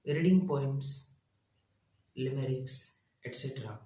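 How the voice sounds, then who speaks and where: A man, a teacher reading his lesson out slowly in short, halting phrases. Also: mid-range voice, mellow, roomy sound, poor audio. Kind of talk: reading lesson slides aloud.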